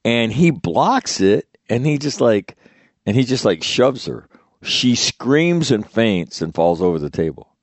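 A middle-aged man with a very low, deep voice spins a casual, profane yarn. He rambles, backtracks and fills gaps with "uh". The recording is close and completely dry. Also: a little mellow, no echo. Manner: profane, rambling, frequent fillers and restarts. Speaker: former Marine officer. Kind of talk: casual storytelling.

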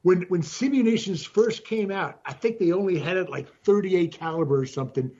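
High husky older man, muffled line. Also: dark tone. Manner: halting storytelling with restarts. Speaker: regular panelist. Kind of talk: casual chat.

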